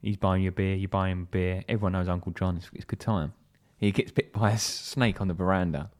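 A man's voice: sits low, steady tone, quick pace. A young man co-hosting a podcast, rambling through crude hypotheticals in casual banter and laughing easily. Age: young adult. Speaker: podcast co-host.

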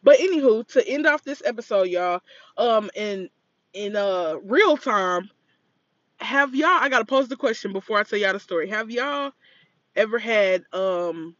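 A woman co-hosting a podcast, telling a story in casual chat and acting out the yelling in it. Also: mid-range voice, a little slow, no echo, dull audio. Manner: animated, acts out quoted yelling. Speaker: podcast co-host.

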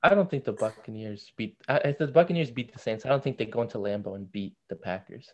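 A young man co-hosting a casual sports podcast, measured and analytical as he weighs each matchup. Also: on the low side, a little mellow, lo-fi sound. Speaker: podcast co-host.

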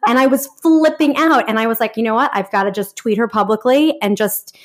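Chatty woman with a higher voice. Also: a little fast. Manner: chatty, recounts with quoted asides. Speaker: interviewer, friend. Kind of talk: casual conversation.

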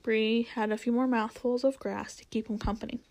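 A woman reading a children's novel aloud at a steady pace, now and then stumbling and restarting a word. Her voice sits a little on the high side. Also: a little fast, low-quality recording. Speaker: reader.

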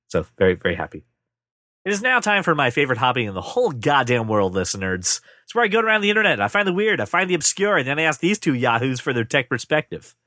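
Animated, bright-voiced male podcast host. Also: medium pitch, no echo, studio quality. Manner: animated, joking, fast bursts. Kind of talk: casual chat.

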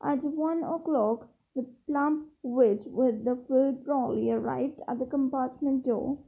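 A woman reading a novel aloud, slowly, with small slips and restarts. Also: high-pitched, gravelly. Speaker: reader. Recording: tinny phone-like sound.

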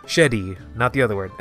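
A man hosting a casual solo podcast with a stuffy nose, talking in a halting way with lots of restarts. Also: fairly low pitch, fairly bright tone. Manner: halting, many fillers and restarts. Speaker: podcast host.

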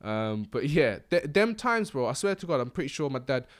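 A man's voice: mid-range voice, sing-song, fairly quick. Slangy young man, rambling. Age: young adult. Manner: slangy, rambling, laughs often. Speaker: podcast host. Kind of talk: casual chat.

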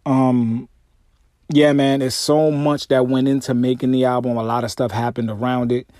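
A man hosts his podcast alone, speaking close into his microphone in a dry room. His storytelling is loose and animated, full of swearing, and his voice leaps up in pitch when he gets exasperated. His pitch sits in an ordinary middle range. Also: normal speed, no room sound. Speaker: podcast host and music artist. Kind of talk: casual solo podcast monologue. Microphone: podcast microphone through a mixer.

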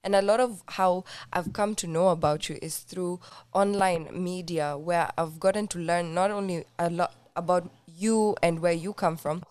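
A woman from Kenya hosts an interview, asking measured, thoughtful questions in a lowish voice. The sound is dry and close, with no room around it. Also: steady tone, darkish tone, clear, resonant tone, no room sound. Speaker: podcast host. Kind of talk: interview hosting.

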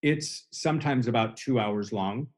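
A man's voice: medium pitch, a little slow, a little mellow. A man in his forties, a hypnotherapist and coach, explaining his work in an earnest way during a casual podcast conversation. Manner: earnest, explanatory, builds on extended imagery.

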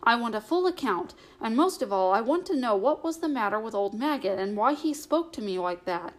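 A woman's voice: a little high, expressive, fairly quick, close to an everyday voice. A woman reading the lines of a shrewd, caring young male hobbit in an audiobook, in a coaxing, knowing manner. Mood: curious.

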